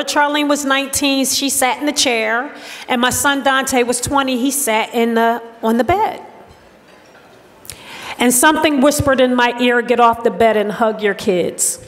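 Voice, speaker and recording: A middle-aged woman giving a personal testimony speech at a banquet, telling her story slowly and deliberately with dramatic pauses into a podium microphone. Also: fairly high pitch, fairly bright tone. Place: large hotel banquet hall. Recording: long hall reverb.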